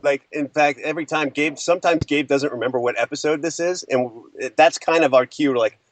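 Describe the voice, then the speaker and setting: A man guest chatting casually and excitably, laughing as he talks. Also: a little high, brisk, dry recording. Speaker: podcast guest. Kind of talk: casual chat.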